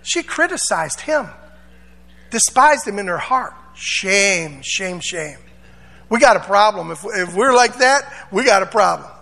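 A man's voice: sits high, expressive, moderate pace, gravelly, sharp tone, long reverb tail. A man pastor preaching a sermon, dramatic, acting out voices and drawing amens. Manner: preaching with call-and-response amens; dramatic, acts out voices of Bible figures.

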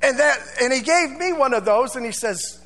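A man's voice: extremely high pitch, expressive, normal speed, pushed and bright, big-room sound, faint music behind. A male pastor preaching a sermon in a church, chatty and informal, with asides and call-and-response.

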